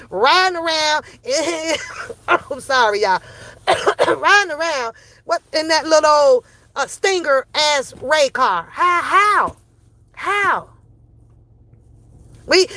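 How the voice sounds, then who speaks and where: A woman's voice: extremely high pitch, bright, forceful tone, dry recording. A middle-aged woman giving a heated, sarcastic opinion rant, full of profanity and repeated rhetorical questions. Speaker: commentary vlogger.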